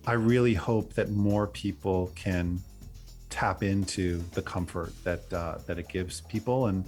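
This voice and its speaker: A man's voice: lowish voice, darkish tone. A middle-aged man speaking as an interview guest, earnest and rambling, often restarting his sentences. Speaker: guest, company CEO. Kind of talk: casual interview.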